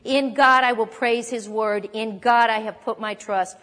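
A woman teaching a sermon on a psalm, expressive and lively, acting out quoted lines. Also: a little high, a little slow, in a large hall. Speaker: Bible teacher.

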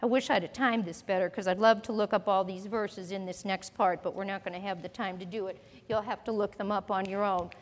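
A woman preaching a sermon in an animated way, mimicking complainers with comic asides. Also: mid-range voice, brisk, hardly any pauses. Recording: long hall reverb.

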